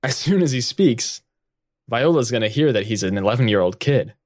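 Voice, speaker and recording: Male game master, mid-pitched, narrating scenes, dry close sound. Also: expressive, normal speed, darkish tone, no room sound. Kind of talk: narrating a tabletop role-play.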